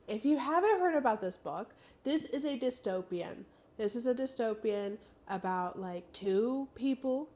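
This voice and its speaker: A woman's voice: medium pitch, darkish tone. A young woman in her twenties, sick and stuffed up, chatting casually and rambling through a book vlog with lots of "like" and "I don't know". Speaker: booktuber.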